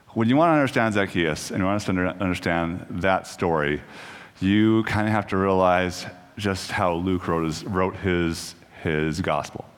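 Low-voiced guy preaching casually, chatty and self-mocking, big echoey church sound. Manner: conversational, self-deprecating, many restarts. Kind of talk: casual sermon. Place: church sanctuary. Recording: long church reverb.

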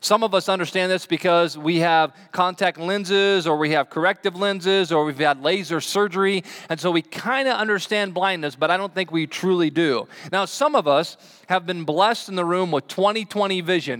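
A man's voice: high voice, normal speed, hardly any pauses, a bit bright. Chatty male pastor preaching a sermon. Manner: chatty, asks the congregation questions. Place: church sanctuary.

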